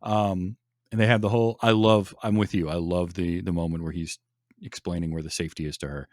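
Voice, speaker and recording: Low-voiced man chatting eagerly on a podcast. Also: fairly even intonation, a little fast, no room sound, clean studio sound. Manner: enthusiastic, laughs often, many restarts. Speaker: podcast host. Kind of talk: casual chat.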